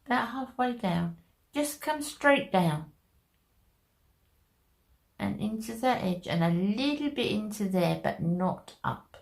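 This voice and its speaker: A woman's voice: mid-range voice, animated, slow, gravelly, long pauses. A woman talking viewers through a makeup tutorial in a chatty, step-by-step way. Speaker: makeup vlogger.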